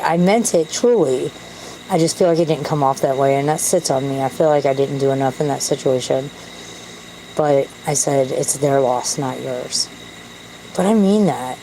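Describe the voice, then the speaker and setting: A woman's voice: sits low, mellow, a little hiss or hum, poor audio. A woman talking to camera in a candid, self-deprecating, rambling way. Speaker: vlogger. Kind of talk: casual rambling monologue.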